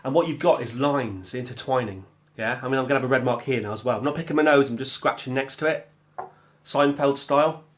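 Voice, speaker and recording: A man's voice: medium pitch, brisk. A man talking casually about making music at home, rambling and chatty, with jokey asides and bits of scat-singing. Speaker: musician vlogger. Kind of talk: casual spoken vlog. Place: home kitchen.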